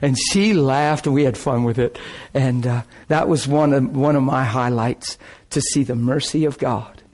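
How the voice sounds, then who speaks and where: A man preaching a sermon, telling a testimony story with excitement, laughing often and repeating phrases. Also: mid-range voice, normal speed.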